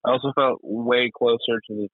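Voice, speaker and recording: Podcast co-host, male, excitable and sweary, thin phone-like sound, dry. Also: medium pitch, brisk, dry recording. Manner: excitable, swears, laughs a lot. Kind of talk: casual chat.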